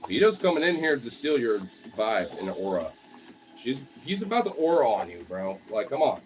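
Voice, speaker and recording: A young man chatting playfully to his pet dogs, sliding into high cooing pet talk. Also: very animated, moderate pace, faint music behind. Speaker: dog owner vlogger.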